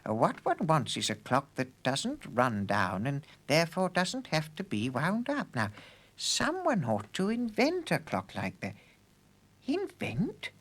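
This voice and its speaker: A man's voice: fairly high pitch, exaggerated voice. A man voicing an absent-minded old male professor who stammers and gets flustered. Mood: musing. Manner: stammering, excitable.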